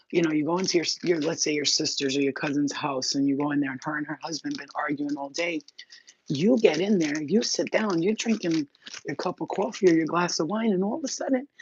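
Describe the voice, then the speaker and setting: A woman's voice: low-pitched, muffled recording, a little hiss or hum. A woman hosting a casual spiritual talk, rambling and swearing freely as she explains her ideas. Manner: rambling, profane, streetwise. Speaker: spiritual healer host.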